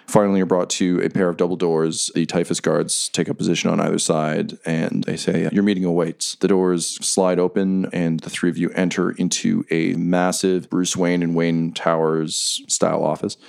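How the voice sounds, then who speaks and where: A man narrating a tabletop game as game master in a relaxed, descriptive manner. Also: sits low, moderate pace, vocal fry, hardly any pauses.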